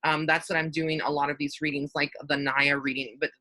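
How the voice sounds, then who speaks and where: A man's voice: on the high side, little pitch movement, fairly quick, bright, forceful tone, no echo, poor audio. A man hosting a live video call as a psychic medium, talking casually and rambling with lots of fillers and restarts. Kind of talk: casual live-stream chat.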